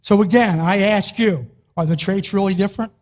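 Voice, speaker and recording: An older man giving a motivational speech to an audience, emphatic and repetitive, sometimes rising to a shout. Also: high-pitched, moderate pace. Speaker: motivational speaker.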